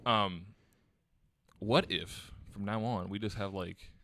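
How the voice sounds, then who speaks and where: A man in his twenties with a lowish, fairly bright voice speaks slowly. Co-hosting a podcast, he's a laid-back storyteller who chats casually and laughs as he tells his stories.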